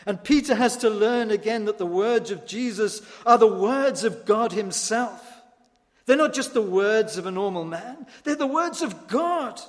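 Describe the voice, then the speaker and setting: Animated high-voiced preacher in a reverberant church. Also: male voice, a little slow. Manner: animated, rising to emphatic peaks with wry asides. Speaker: pastor. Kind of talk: sermon.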